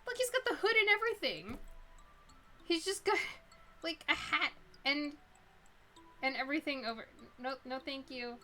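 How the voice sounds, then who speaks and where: Animated woman streamer joking over a game. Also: high-pitched, moderate pace, pauses often, faint music behind. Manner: animated, jokey asides. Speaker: let's-play streamer. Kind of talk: playful game commentary.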